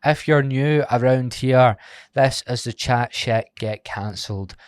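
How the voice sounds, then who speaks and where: A man's voice: medium pitch, unhurried, smooth, no room sound, studio quality. A Scottish man in his twenties with a Glasgow accent, hosting a casual podcast chat, joking, teasing and swearing freely. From Scotland. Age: 20s. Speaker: podcast host.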